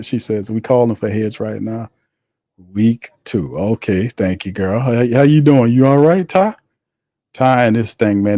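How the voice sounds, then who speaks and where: A man's voice: mid-range voice, mellow, dry recording, clean studio sound. A man hosting a live football watch party, calling the plays, reading viewer messages and trash-talking. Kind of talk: live play-by-play and chat reading.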